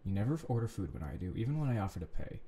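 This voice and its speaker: A man voicing a stern, protective young man who is firm and teasing, and who talks slowly and commandingly. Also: fairly low pitch, very animated, warm tone, slight background noise. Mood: scolding.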